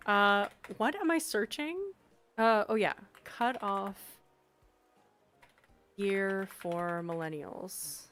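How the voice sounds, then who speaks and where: Slow-talking woman streamer chatting with chat. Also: medium pitch, animated, fairly bright tone. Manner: chatty, laughs often, reads chat aloud. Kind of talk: casual live-stream chat while designing. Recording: faint background music.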